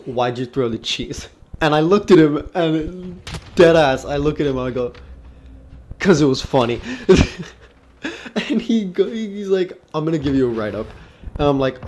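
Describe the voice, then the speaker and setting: A man's voice: medium pitch, a little hiss or hum. Laughing, foul-mouthed young man telling a story. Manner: laughing, swearing, animated storytelling. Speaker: vlogger. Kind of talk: casual storytime vlog.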